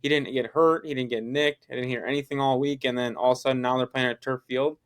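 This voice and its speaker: A man's voice: medium pitch, fairly even intonation, quick pace. A young man co-hosting a casual sports podcast, heated and swearing as he retells conversations with friends. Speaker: podcast co-host.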